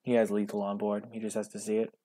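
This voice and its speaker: A man with a fairly low voice talks through a card game for his channel. His commentary is wry and self-mocking, and it breaks into sudden excited outbursts. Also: quick pace, no echo, studio quality. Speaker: gaming channel host.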